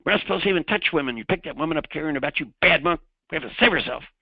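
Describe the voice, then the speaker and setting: A man voicing an angry, self-righteous male monk who scolds loudly, in a gravelly voice. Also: on the high side, lively intonation, racing, no echo, lo-fi sound, voice pushed up. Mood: indignant. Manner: loud, indignant scolding.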